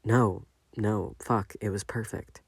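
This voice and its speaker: A man's voice: on the low side, fairly even intonation, slow, slightly rough, no echo, exaggerated voice. A man voicing an embarrassed young man who stammers apologies through tears. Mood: tearful.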